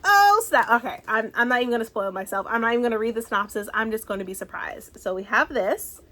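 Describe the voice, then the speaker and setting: A woman in her thirties chatting excitedly through a book haul, gushing and sometimes dropping to a whisper. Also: on the high side, fast talker, slight background noise. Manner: bubbly, excitable, gushing, slips into soft whispers. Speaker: book vlogger. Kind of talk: casual book haul chat.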